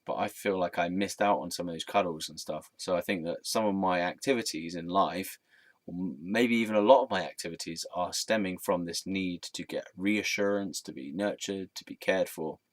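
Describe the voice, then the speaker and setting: Low-voiced man musing candidly. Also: moderate pace, no echo. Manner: rambling and candid, with frequent ums and swearing. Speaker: vlogger. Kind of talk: reflective personal storytelling monologue.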